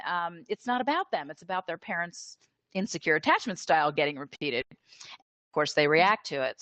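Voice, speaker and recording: A therapist being interviewed, a woman with a fairly low voice. She explains in an animated, conversational way, with filler words. The sound is dry and close, from a video call. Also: no room sound. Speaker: interview guest, attachment therapist.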